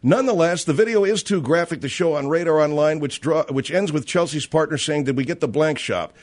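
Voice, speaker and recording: A man's voice: a little high, fairly quick, darkish tone. A man hosting a talk radio show, reading out a gossip story and commenting on it in casual chat. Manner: reads news aloud and riffs on it.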